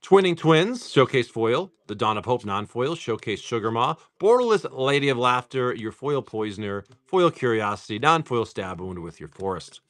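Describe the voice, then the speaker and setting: Lively, loose-talking man hosting a stream. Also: mid-range voice, moderate pace, hardly any pauses. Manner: loose and talkative, swears casually, talks to chat. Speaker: host of a live card-pack opening stream. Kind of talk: casual live-stream chat.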